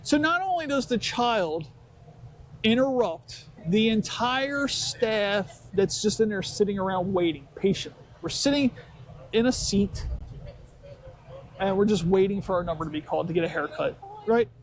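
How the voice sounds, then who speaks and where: A man's voice: high voice, animated, moderate pace. A man co-hosting a casual chat podcast, ranting sarcastically about everyday annoyances. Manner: sarcastic complaining rant with put-on mocking voices. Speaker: podcast co-host.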